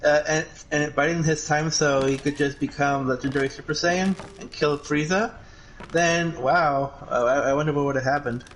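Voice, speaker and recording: A man's voice: on the high side, steady tone, moderate pace, fairly bright tone, slight background noise, rough recording. A man chatting about a game, stumbling over his words as he speculates. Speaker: friend commenting on a game. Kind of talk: casual gaming banter.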